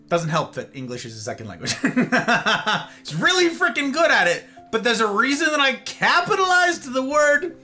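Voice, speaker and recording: A man's voice: very high voice, moderate pace, faint music behind. A man streaming live, chatting casually and rambling straight to his viewers. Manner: animated, rambling, talks straight to chat.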